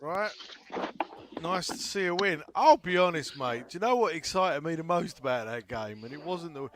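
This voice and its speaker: A man's voice: on the high side, animated, moderate pace. A man calling in to a casual show, speaking bluntly and swearing freely. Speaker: caller. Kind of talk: casual call-in chat.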